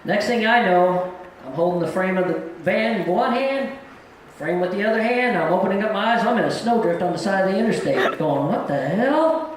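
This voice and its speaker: A man's voice: high-pitched, fairly quick, heavy reverb, slight background noise, rough recording. A middle-aged man doing a live stand-up set on a comedy club stage, telling stories in a plain-spoken, folksy way.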